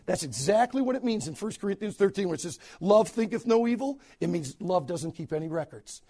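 A middle-aged man preaching a sermon to fellow preachers, swinging between loud shouts and hushed, quoted lines. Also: high voice, expressive, brisk.

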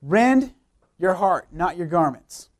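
A man's voice: high-pitched, sing-song, takes it slowly. A young man, a youth pastor, preaching a sermon with emphatic repeated phrases and rhetorical questions.

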